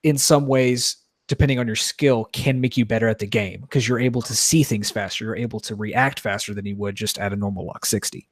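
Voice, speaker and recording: A man's voice: on the low side, fairly even intonation, fairly quick, few pauses, dry recording, studio quality. A man co-hosting a casual gaming podcast, chatty and easygoing, with lots of fillers. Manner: chatty, laughs easily, filler-heavy. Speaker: podcast co-host.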